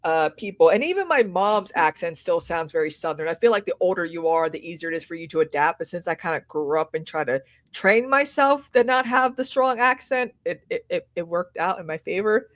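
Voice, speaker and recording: A woman who grew up in South Carolina, co-hosting a casual live chat and rambling through animated stories. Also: on the low side, brisk, few pauses, dry recording. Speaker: stream co-host.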